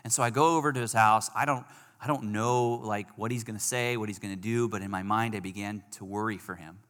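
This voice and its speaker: A man preaching a sermon, telling a personal story that moves between hushed and emphatic passages. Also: fairly low pitch, fairly even intonation, fairly quick. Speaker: pastor. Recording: long hall reverb.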